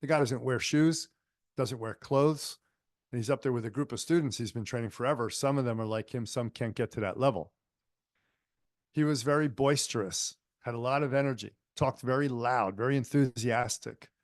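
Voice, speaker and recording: A male healing teacher tells stories in a loose, conversational way, filling pauses with small fillers. His voice sits at an ordinary middle pitch. The sound is dry and close, recorded for an online lecture. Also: dry recording. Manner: conversational, anecdotal, frequent fillers. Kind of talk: storytelling lecture. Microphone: online lecture microphone.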